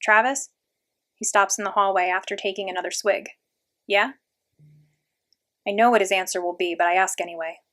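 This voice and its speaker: A woman reads a children's novel aloud in the first person, steady and plain. Her voice sits mid-range and unhurried. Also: medium pitch. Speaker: audiobook reader. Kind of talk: first-person storybook narration.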